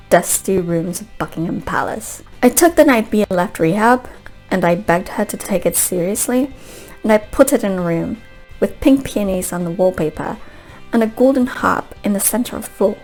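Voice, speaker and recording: A young British prince pours out a tender, grieving love letter, as a woman puts on the voice. The put-on British accent reads slowly and wistfully, lingering over each poetic line. A faint bed of music hums underneath. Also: mid-range voice, darkish tone, low-quality recording.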